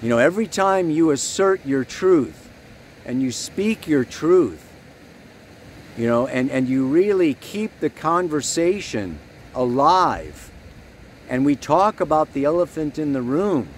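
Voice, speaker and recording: A man's voice: fairly high pitch, lively intonation, measured pace, a little hiss or hum. A man giving a rambling, earnest spiritual astrology talk, leaning hard on key words.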